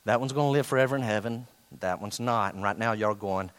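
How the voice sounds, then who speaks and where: A man preaching a sermon, talking straight to his congregation, swinging between loud emphasis and hushed asides and reading scripture slowly, word by word. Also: fairly low pitch, clear, resonant tone. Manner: talks directly to the congregation, conversational and teasing. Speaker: pastor.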